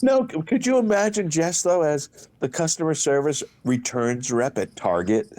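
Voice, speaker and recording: Man, comedy podcast co-host, teasing crude jokes, very lively intonation. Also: on the high side, normal speed, hardly any pauses. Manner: joking, animated, teasing.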